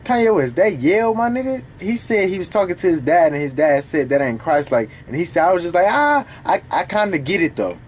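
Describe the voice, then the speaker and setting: A man recording casual reaction commentary for a video, talking back to the song in an animated, profane way. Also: a little high, a little fast, hardly any pauses, slight background noise. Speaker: music reaction YouTuber.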